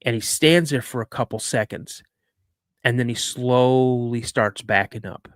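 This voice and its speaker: A man in his fifties tells a personal story on a live podcast, chatty and full of asides. His voice sits at a mid pitch. The sound is dry and close. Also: a little slow, dry recording. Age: 50s. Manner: conversational, frequent "you know". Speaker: guest storyteller.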